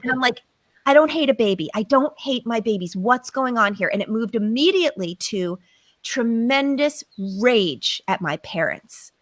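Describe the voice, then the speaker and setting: A woman's voice: a little high, lively intonation, moderate pace, no echo. A middle-aged woman, a psychotherapist, telling her own story emphatically on a podcast and acting out her inner voices. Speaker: psychotherapist guest.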